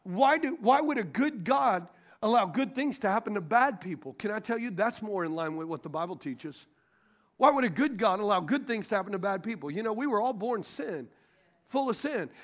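A man's voice: sits high, normal speed. A man preaching a sermon as pastor, calling out questions to the congregation and laughing at his own stories. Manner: animated preaching with call-and-response questions to the congregation.

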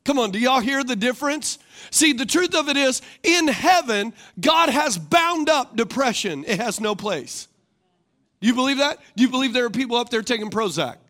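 Male pastor, high voice, sermon style, big on call-and-response. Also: animated, normal speed, sharp tone. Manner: rhetorical, calls for congregation responses; repeats questions for emphasis.

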